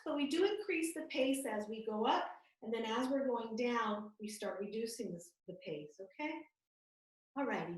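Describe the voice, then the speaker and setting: A woman leads a yoga class with a gentle, soothing manner and a slightly raised pitch. She sounds set back from her computer mic, and her voice rings in a very echoey room over the video call. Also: distant mic, slight background noise. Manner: gentle, calm, soothing cues. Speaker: yoga instructor. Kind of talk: guided yoga class instruction.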